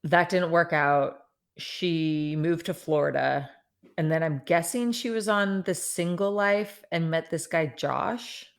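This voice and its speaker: A woman co-hosting a podcast, asking relaxed questions about reality TV characters and laughing easily. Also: fairly low pitch, takes it slowly, creaky. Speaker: podcast co-host. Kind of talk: casual reality TV recap chat.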